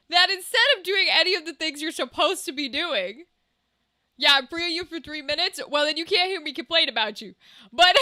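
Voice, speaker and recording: A woman's voice: very high voice, bright, forceful tone, no room sound, clean studio sound. A young woman game streamer chatting casually with viewers, brash and teasing, swearing freely and laughing often into a desk microphone.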